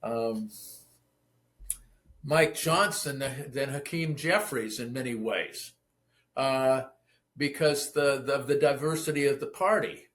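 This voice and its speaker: A man's voice: mid-range voice, takes it slowly, long pauses, a bit bright. A man speaking as an interview guest, a theologian and pastor, talking thoughtfully and often restarting his sentences. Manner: thoughtful, with frequent restarts and stammers. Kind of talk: conversational interview.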